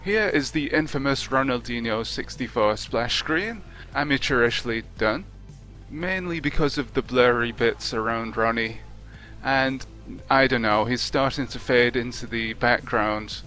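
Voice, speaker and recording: A man talking through a video game review off the cuff, his voice bright and forward. His tone is wry and conversational, with a mid-range pitch. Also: measured pace, faint music behind. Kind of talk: unscripted video review narration.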